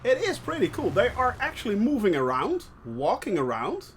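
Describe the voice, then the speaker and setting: A man streaming a flight simulator, chatting through his flight with lots of fillers and bursts of excitement. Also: sits high, moderate pace, slight background noise. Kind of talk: live gameplay commentary.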